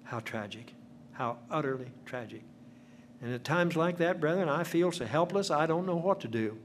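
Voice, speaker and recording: An older man preaching a sermon, telling homely stories and slowing to stress key words. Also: a little high, animated, a little hiss or hum. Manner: folksy storytelling with slow emphatic phrasing.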